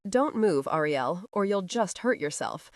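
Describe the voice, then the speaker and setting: A woman voicing a disguised male highwayman who gives curt, commanding orders with mock menace. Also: lively intonation, measured pace, dry recording, clean studio sound.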